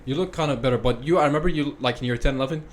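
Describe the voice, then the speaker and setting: A young man talks quickly in a mid-pitched voice as a podcast guest. His chat is loose and friendly, with a steady stream of "like" fillers. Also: a little hiss or hum. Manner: chatty, filler-heavy, lots of "like". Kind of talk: casual chat.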